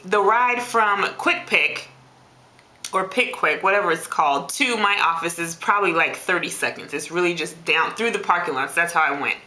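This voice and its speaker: Animated exasperated woman vlogging. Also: mid-range voice, roomy sound. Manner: animated, exasperated storytelling with big swings. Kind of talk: casual venting vlog. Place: home room.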